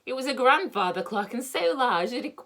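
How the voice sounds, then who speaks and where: A woman reading a children's book aloud in a lively, expressive way. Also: on the high side, a little fast. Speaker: storyteller.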